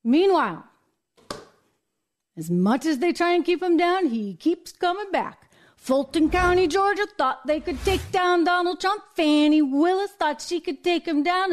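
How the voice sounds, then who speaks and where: Woman commentator, slightly high voice, animated, opinionated, mock voices for quotes. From United States. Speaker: host.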